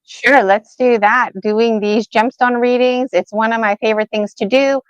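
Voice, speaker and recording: Woman, casual livestream chat, smooth clear voice, slightly dull lo-fi sound. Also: fairly high pitch, fairly even intonation, moderate pace, no echo. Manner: chatty, thinks aloud, fillers. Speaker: co-host and gemstone reader. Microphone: video call.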